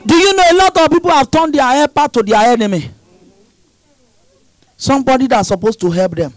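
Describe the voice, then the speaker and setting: A man preaching and praying over a congregation, shouting repeated prayer lines with passion. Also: very high-pitched, a little fast, pauses often, a faint crowd, low-quality recording. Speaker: pastor.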